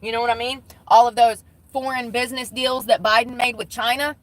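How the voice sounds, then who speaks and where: A woman rants in a casual car vlog, swearing a lot and sounding blunt and fed up. She speaks a little fast in a fairly high voice with little pitch movement; the recording is rough but has no echo.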